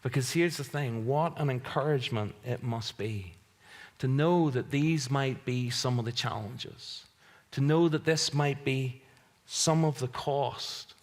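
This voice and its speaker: Earnest man preaching a sermon. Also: medium pitch. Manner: earnest, emphatic, repeats key phrases. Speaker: pastor.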